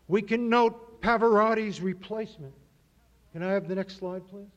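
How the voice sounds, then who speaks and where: A man giving a measured, formal lecture with slides, with a dry humor. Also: high-pitched. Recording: dull lo-fi audio.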